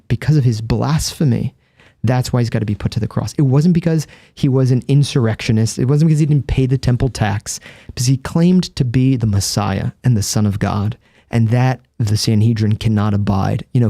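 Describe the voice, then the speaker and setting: This guest is a Catholic priest whose mid-range voice carries a dark tone, with no room sound at all. He speaks close to a studio mic, telling vivid stories earnestly as he explains things in conversation.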